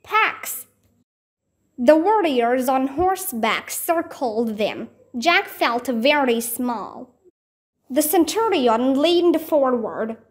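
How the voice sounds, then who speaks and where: Taking it slowly and expressively, a woman with Vietnamese as her mother tongue reads a children's story aloud, playing the characters with a raised pitch.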